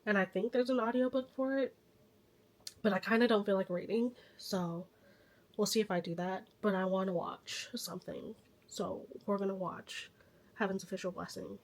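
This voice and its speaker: Hoarse, stuffy-nosed woman vlogging casually. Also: medium pitch. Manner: chatty, self-aware dramatic. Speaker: book vlogger. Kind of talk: casual vlog chat.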